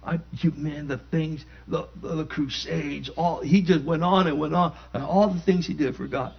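A man doing a hushed boastful believer. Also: a little high, fairly even intonation, moderate pace, creaky. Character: boastful male believer, self-pitying. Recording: dull lo-fi recording.

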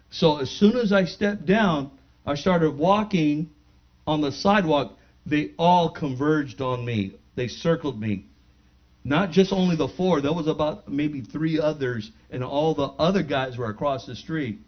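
A man giving a spoken testimony in church, animated and acting out the dialogue as he tells it. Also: on the high side, a little slow. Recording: dull lo-fi recording.

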